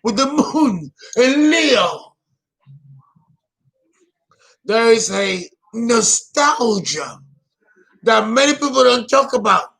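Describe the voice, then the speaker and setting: A man talking as an astrologer in a casual vlog monologue. He is theatrical and emotional, and he swings between loud bursts and low murmurs. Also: sing-song, slow, creaky.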